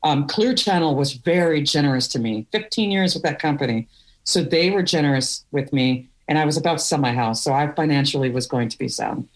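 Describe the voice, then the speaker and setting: Middle-aged woman guest, lower voice, lively candid storyteller who laughs easily. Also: brisk. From Wisconsin, US. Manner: animated, candid, laughs through stories. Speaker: podcast guest. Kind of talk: storytelling interview.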